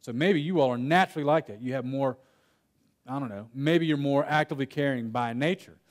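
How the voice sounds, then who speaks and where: A man's voice: mid-range voice, brisk. A young man from Texas giving a conference breakout talk, chatty and storytelling, breaking off his own sentences now and then. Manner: conversational, storytelling with self-interruptions and laughs. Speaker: workshop speaker. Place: conference room.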